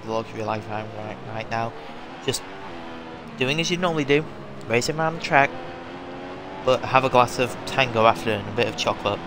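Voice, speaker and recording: Rambling man over game noise. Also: mid-range voice. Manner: rambling, filler-heavy chatter. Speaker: gaming video host. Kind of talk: casual gameplay commentary.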